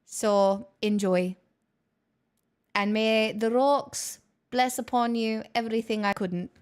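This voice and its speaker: A woman streaming from her home kitchen, talking casually to her viewers. Her voice sits a little high. She is playful and self-mocking. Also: steady tone, slow, smooth. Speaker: live streamer.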